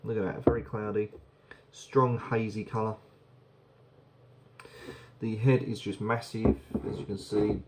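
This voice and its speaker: A man's voice: on the low side, flat delivery, a little slow, long pauses, slight background noise. A man casually reviewing a beer on camera, chatty and rambling, often repeating words as he goes.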